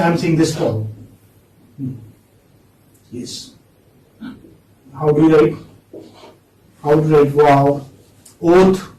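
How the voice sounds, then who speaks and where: A man's voice: on the high side, a little mellow. A man with an Indian English accent lecturing a class of students, repeating words and prompting them with questioning hums. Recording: echoey classroom, distant mic.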